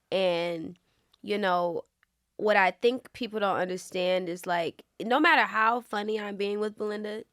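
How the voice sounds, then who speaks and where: A woman, an actress, chatting in an interview and telling stories in an animated way, full of fillers and acted-out quotes. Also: mid-range voice, no room sound, clean studio sound. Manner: animated storyteller, many fillers, acts out quotes. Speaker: actress guest. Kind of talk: casual interview chat.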